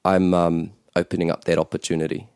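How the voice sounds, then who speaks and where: Kiwi male tutor, low mellow voice, patient explainer, dry studio sound. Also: level tone, a little fast, smooth, no room sound. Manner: patient explaining, switches into Māori phrases. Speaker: language teacher. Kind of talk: relaxed podcast lesson.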